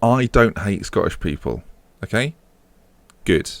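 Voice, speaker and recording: A man's voice: lowish voice, expressive, unhurried, gravelly, no echo. A man commentating on his own football management game, mixing match calls with rambling jokes and asides. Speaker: gaming channel host.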